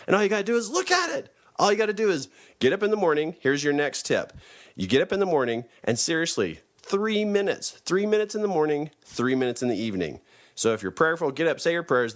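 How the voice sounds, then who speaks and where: A man giving a motivational teaching talk, emphatic and repeating his key phrases. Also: medium pitch.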